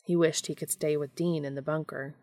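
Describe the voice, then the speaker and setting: Woman narrator for fan fiction, low pitch, dry close sound, measured reading. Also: level tone, warm tone, no echo. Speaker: fanfiction reader.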